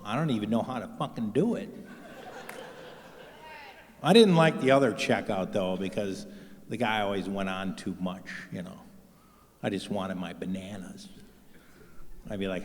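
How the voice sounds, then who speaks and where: A man doing a profane stand-up routine on stage, telling deadpan stories and acting out the other people in them. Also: on the low side, normal speed, pauses often. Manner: profane, deadpan storytelling with acted-out voices. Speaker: stand-up comedian. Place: theater stage with live audience. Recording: live hall reverb.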